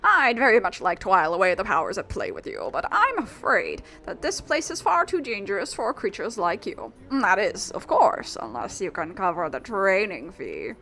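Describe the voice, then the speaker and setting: A woman's voice: medium pitch, sing-song, normal speed, hardly any pauses, bright, forceful tone. A woman voicing an eccentric, boastful old male dojo master in a video game, with a slightly British put-on accent and a theatrical, grandiose delivery. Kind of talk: reading game dialogue aloud.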